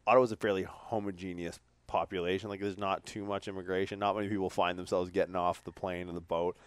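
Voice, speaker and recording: With a low, clear, resonant voice and a fast pace, this Canadian podcast host chats casually, telling energetic, meandering stories laced with profanity.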